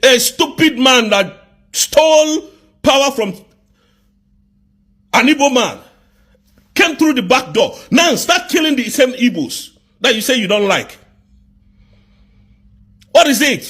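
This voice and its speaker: A man with a Nigerian accent in an angry live rant, firing off accusing rhetorical questions and sometimes shouting. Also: extremely high pitch, big pitch swings, normal speed, long pauses, slightly rough. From southeast Nigeria.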